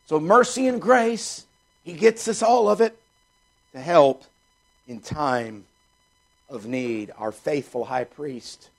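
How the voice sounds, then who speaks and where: A man's voice: on the high side, slow pace, creaky, pauses often. A male pastor preaching a sermon, reading scripture and repeating points with rhetorical questions.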